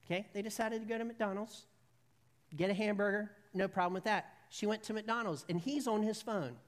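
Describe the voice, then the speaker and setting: A woman's voice: mid-range voice, brisk. A woman preaching a sermon in a church, telling stories in a chatty, humorous way before turning earnest. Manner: conversational storytelling, humorous then earnest. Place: church sanctuary. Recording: long reverb of a large hall.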